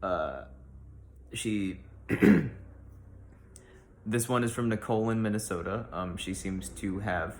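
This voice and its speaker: A man with a very low, deep voice hosts a mock advice show in a dry, deadpan comic monologue. He rambles awkwardly and fills his pauses with ums and likes. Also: slight background noise.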